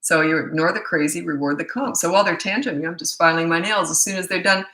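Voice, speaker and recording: A woman's voice: fairly low pitch, fast, pushed and bright, reverberant, poor audio. A middle-aged woman parenting coach answering viewer questions in a casual live Q&A. She talks bluntly and loses her thread, and her voice is getting worn and tired. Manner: blunt, casual, loses track mid-thought. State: losing her voice.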